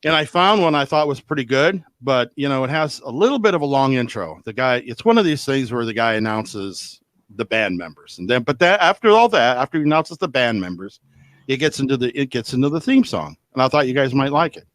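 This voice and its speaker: A man co-hosting a podcast in casual chat, wisecracking and animated. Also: mid-range voice, brisk, no echo. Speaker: podcast co-host.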